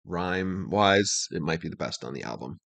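A man co-hosting a casual music reaction chat, explaining songs in a relaxed, thinking-aloud way. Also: low-pitched, normal speed, vocal fry, lo-fi sound. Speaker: co-host breaking down songs.

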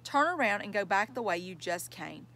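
A woman reading the part of a busy teacher who gives directions briskly. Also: medium pitch, sing-song, sharp tone. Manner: brisk, self-correcting.

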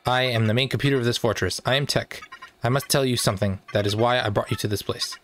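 A man's voice: medium pitch, steady tone, fast, fairly bright tone, a little hiss or hum, natural voice. Failing male computer, read by a man for a game read-along, formal and pleading. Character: dying polite male fortress computer.

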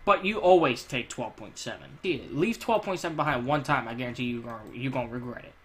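A young man hosting a gaming channel, giving crude, jokey commentary with loud outbursts and laughter. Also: medium pitch, animated, fast talker.

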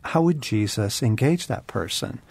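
A man's voice: mid-range voice, animated, a little slow, gravelly, a little mellow, breathy edge. A man co-hosting a Christian talk show, speaking earnestly and reflectively and addressing the listeners as friends. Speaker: co-host.

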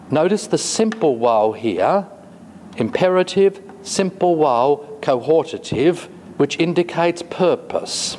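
Slow-talking male lecturer in a reverberant hall. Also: a little high, sing-song, a little mellow. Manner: slow, hesitant, with many fillers and asides. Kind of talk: classroom lecture. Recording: long reverb, faint noise.

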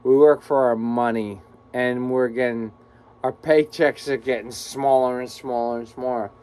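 A man's voice: medium pitch, steady tone, a little slow, darkish tone, clean tone. A man ranting angrily to the camera in a vlog from a room at home, swearing constantly and repeating himself. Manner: agitated, swearing constantly, repetitive. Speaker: vlogger. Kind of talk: angry profane rant to camera.

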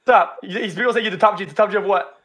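A man hosting a livestream debate, talking in a casual, excitable way. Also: high voice, fast talker. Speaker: streamer and debate host. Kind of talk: livestream chat.

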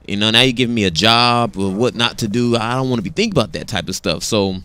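A man in his thirties casually telling a personal story, animated and slangy, often repeating words as he talks. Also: on the low side, quick pace, smooth.

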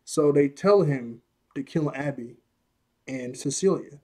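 A man's voice: on the high side, a little slow, a little mellow. A young man hosting his own video, casually retelling an anime scene in a rambling, chatty way with restarts and laughs. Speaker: anime vlog host.

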